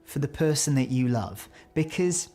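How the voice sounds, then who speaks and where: A man at a middle pitch, chatting on a gaming stream with faint game music behind him. He tells stories and teases playfully. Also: animated, moderate pace, warm tone. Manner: storytelling, playful teasing. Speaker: voice actor co-host. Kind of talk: casual gaming stream chat.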